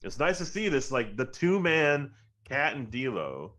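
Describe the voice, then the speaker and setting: A man's voice: medium pitch, unhurried. A man co-hosting a casual sports talk show, rambling and getting emphatic when frustrated. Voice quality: monotone. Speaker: podcast co-host.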